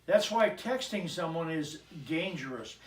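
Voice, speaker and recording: A man with a high voice preaches to his congregation in a loose, chatty way, dropping jokes between scripture readings. He is picked up from a distance in an echoey church sanctuary, with the room ringing around him. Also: expressive, a little slow. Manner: joking, chatty asides to the congregation. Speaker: pastor. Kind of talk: conversational sermon.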